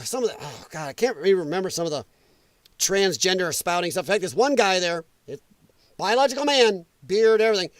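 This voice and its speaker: A man's voice: sits high, no echo. A middle-aged man hosting a late-night political commentary stream, blunt and combative, swearing as he reads and answers chat comments. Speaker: host.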